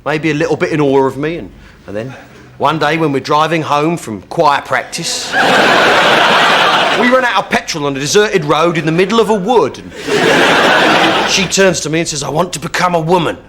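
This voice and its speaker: A middle-aged English man plays a blustering pub landlord in a sitcom, and his voice swoops far up and down as he bursts into shouts. He sits high for a man. A loud hiss runs behind him, along with audience laughter. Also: expressive, moderate pace, long pauses. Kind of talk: sitcom acting.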